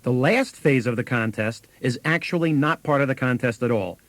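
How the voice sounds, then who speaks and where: A man's voice: medium pitch, moderate pace, dry recording. A man co-hosting a sales training tape, telling anecdotes with acted quotes and chuckles.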